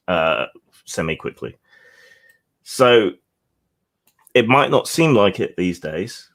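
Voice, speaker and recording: A man's voice: low voice, fairly bright tone. A man co-hosting a casual discussion over a video call, earnest and chuckling between his points. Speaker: co-host.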